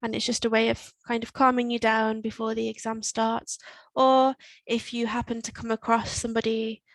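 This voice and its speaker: A woman teaching Spanish to learners, repeating phrases slowly and explaining them step by step. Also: a little high, flat delivery, no echo, rough recording. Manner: slow, careful modelling of Spanish phrases. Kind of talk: recorded language lesson.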